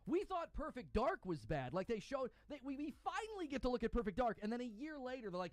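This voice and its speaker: A man rants with indignant fury, his high voice leaping up and down as he hammers each point. He sounds like a gaming commentator letting his anger run. The sound is close and dry. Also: sing-song, brisk, few pauses, dry recording. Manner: angry, indignant, emphatic. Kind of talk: heated opinion rant.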